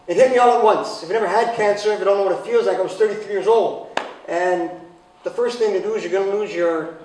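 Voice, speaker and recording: Casting: high-pitched funny man, forties, sarcastic storyteller on stage, distant mic. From Italian heritage. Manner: sarcastic, comic, bursts into loud high exclamations. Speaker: event speaker. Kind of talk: live storytelling talk. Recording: echoey hall from far off, faint noise.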